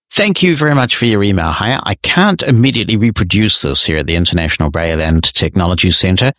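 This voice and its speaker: A man hosting a podcast, reading listener emails and explaining his answers in a measured, upbeat way. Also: low-pitched, lively intonation, fairly bright tone, dry recording, studio quality. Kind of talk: casual talk.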